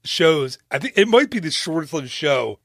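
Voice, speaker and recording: A man hosts a casual podcast, chatting easily and tossing in quick jokes. His voice sits a little high for a man, and the sound is dry and close to the mic. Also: very animated, creaky, fairly bright tone, no echo. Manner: joking, chatty, quick asides. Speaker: podcast host. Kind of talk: casual chat.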